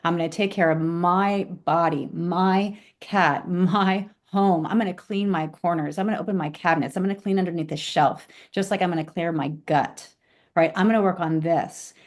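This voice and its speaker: A woman's voice: fairly low pitch, fairly even intonation, normal speed. Reflective woman leading a class. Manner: reflective, often asks "right?". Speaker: class leader. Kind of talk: spiritual class conversation.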